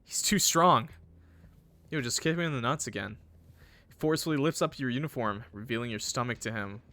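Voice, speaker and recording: A young man reading a visual novel aloud as a gaming creator, breaking off into excitable, swearing reactions. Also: mid-range voice, a little fast.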